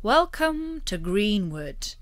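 A woman voicing a bold, courteous male outlaw leader in a read-aloud storybook, in a measured, gracious way. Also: mid-range voice, very animated, dry recording.

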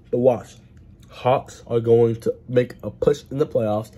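A man chatting casually to his camera as a vlogger, an excitable sports fan who swears freely and talks with his mouth full. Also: mid-range voice, unhurried, breathy edge.

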